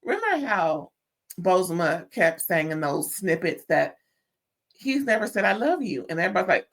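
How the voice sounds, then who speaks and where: Chatty woman recapping reality TV. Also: lowish voice. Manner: chatty, animated, drawn-out exclamations like "girl" and "mm-mm". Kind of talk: casual chat recap.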